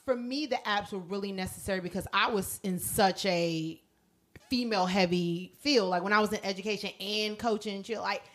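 A woman in her thirties co-hosting a casual chat, telling a story with lots of laughter and animated asides. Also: mid-range voice, moderate pace. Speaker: podcast co-host.

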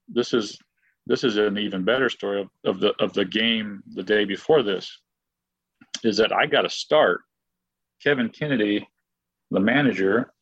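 A man with a lowish, gravelly voice tells a personal story in a loose, rambling way, full of fillers, restarts and acted-out quotes. The recording sounds dull and lo-fi, with a dry, close sound. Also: a bit bright, no echo. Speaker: guest, former baseball player. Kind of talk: casual anecdotal storytelling.

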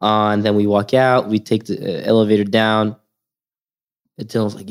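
A young man who grew up in Sweden, a podcast guest telling lively anecdotes in casual chat and acting out the voices of the people in them. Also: on the low side, moderate pace. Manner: animated storyteller, acts out voices in quoted lines. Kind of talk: casual storytelling.

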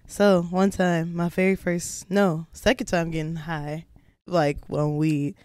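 Young woman, podcast guest, animated storyteller, acts out quotes, dry close sound. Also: slow pace, clean tone, no echo. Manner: animated, acts out quotes in high voices, laughs often. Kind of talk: casual storytelling.

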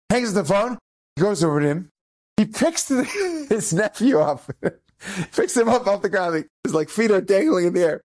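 A man, a rabbi and educator, telling an inspirational story with lively delivery and acted-out characters. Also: fairly high pitch, normal speed. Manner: animated, acts out the characters.

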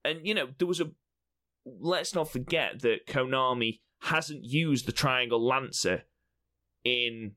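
A man's voice: medium pitch, takes it slowly, sharp tone. A young man co-hosting a casual podcast chat, teasing and swearing freely. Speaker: podcast co-host.

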